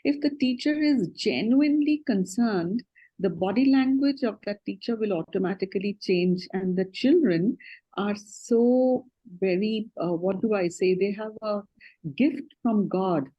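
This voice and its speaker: A woman's voice: medium pitch, lively intonation, unhurried, highs cut off. A woman teacher joining a panel discussion, speaking earnestly and reflectively from her own experience.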